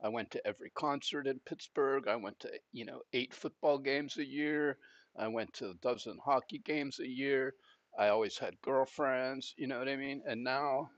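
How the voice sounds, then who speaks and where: A man's voice: medium pitch, normal speed, no room sound, dull audio. A man chatting casually while playing a video game, rambling and frank and audibly out of breath. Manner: rambling and frank, with frequent fillers and restarts. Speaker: gaming channel host.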